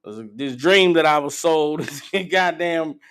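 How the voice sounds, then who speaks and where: A man with a high voice preaches a street-style sermon in a blunt, profane way. He mocks people by putting on their voices and hammers his points home. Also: slow pace, fairly bright tone, smooth. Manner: blunt, profane, mocking impressions of women. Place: meeting hall.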